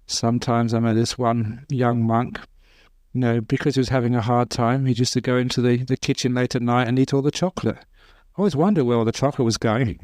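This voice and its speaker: A man, a Buddhist monk, giving an informal dharma talk, telling stories with gentle humor and chuckling at his own jokes. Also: medium pitch, fairly even intonation, fairly quick, dry recording, studio quality. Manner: conversational storytelling, with restarts. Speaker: Buddhist monk teaching meditation.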